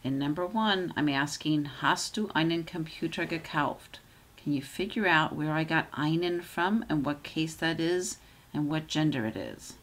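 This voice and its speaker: A woman's voice: deep voice, a bit bright. A woman teaching German grammar, patiently walking through example sentences and checking in with "okay?". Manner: slows down to model German sentences.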